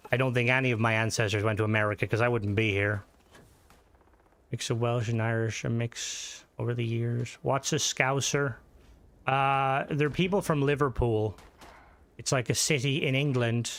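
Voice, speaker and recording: A man streaming a game, chatting loosely with viewers while he plays, swearing freely and breaking into excited outbursts. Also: medium pitch, moderate pace. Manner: rambling, profane, reads and answers chat while playing; excitable outbursts during gameplay. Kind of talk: casual gaming livestream chat.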